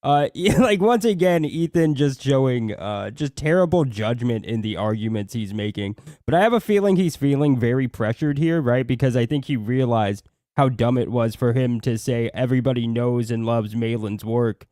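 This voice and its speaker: A man's voice: medium pitch, animated, moderate pace, hardly any pauses, mellow, no echo, studio quality. Chatty man in casual podcast talk. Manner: chatty, hesitant, many uh and like. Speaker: podcast co-host. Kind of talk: casual chat.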